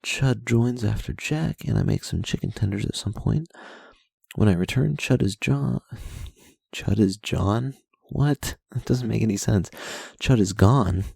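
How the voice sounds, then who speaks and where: A young man recaps his week like a spoken diary, talking close to the mic with plenty of fillers and swearing. His voice is low, mellow and heavily gravelly. It also has a husky edge. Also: big pitch swings, normal speed, no echo. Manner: rambling and profane, with many fillers. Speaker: show host. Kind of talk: casual diary-style recap. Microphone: close microphone.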